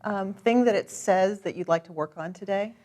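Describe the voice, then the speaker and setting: A woman with a mid-range voice leads a client through a tapping session. She speaks calmly and gives gentle, encouraging directions. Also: mid-range voice, moderate pace. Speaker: tapping practitioner.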